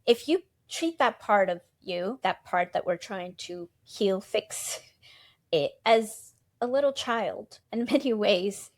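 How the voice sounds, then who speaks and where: A woman in a casual podcast conversation, explaining gently through analogies and often affirming with a quick yes. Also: mid-range voice, expressive.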